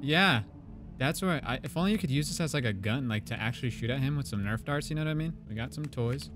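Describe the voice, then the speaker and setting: A young man giving let's play commentary on a horror game, swearing and shouting at jump scares, his voice going hoarse from screaming. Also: mid-range voice, expressive, fast, background noise. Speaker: gaming YouTuber. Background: game music.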